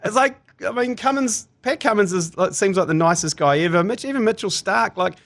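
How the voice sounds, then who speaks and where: A New Zealand-accented man hosts a sports podcast, swapping jokey stories in casual chat. His voice is high-pitched and gravelly, a little fast, and he's animated and laughing throughout.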